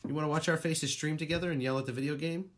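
A man's voice: on the high side, steady tone, racing. A man co-hosting a podcast in casual chat, rambling through stories, laughing and swearing as he goes. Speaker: podcast co-host.

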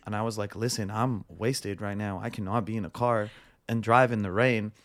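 A man's voice: fairly low pitch, steady tone, moderate pace, a bit bright. A young adult man, a podcast guest, telling a story in a casual, rambling way. He acts out the dialogue with "I'm like" and scatters "like" through it.

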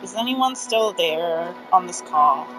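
Slow-talking giggly Kentucky woman. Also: on the low side, animated, music in the background, poor audio. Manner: giggly, exclaims a lot. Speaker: podcast co-host. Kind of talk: casual chat on a call. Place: indoors. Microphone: call audio.

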